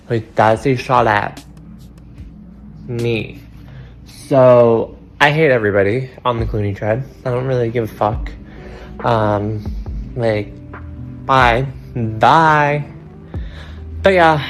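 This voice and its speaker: A young man talks to camera in a confessional video diary, irritated and sarcastic, and he swears a lot. His voice sits at an ordinary middle pitch. Faint music plays in the background. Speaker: contestant.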